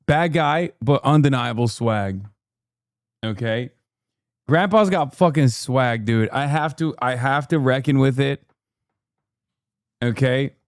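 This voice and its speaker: A man's voice: medium pitch, slow, long pauses, smooth, dry recording, clean studio sound. A man in his thirties from the United States, a streamer reacting to clips with sardonic, profane asides. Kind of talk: casual reaction commentary.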